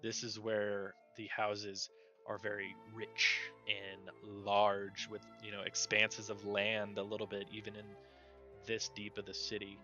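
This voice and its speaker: Bright-voiced man running a tabletop game. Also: lowish voice, a little slow, highs cut off, faint music behind. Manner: relaxed, chatty narration. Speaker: game master.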